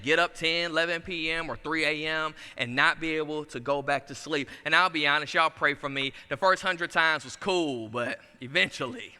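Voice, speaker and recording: A man preaching with animated, conversational flair, swinging between folksy stories and scripture. His voice is bright, crisp and resonant, sitting a little high. The church sanctuary adds a long echo behind him. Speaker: pastor. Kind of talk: sermon.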